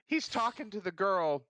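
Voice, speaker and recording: A man's voice: high voice, expressive, slow, bright, forceful tone, no echo. A man co-hosting a casual movie review podcast, joking, teasing and laughing often. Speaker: podcast co-host.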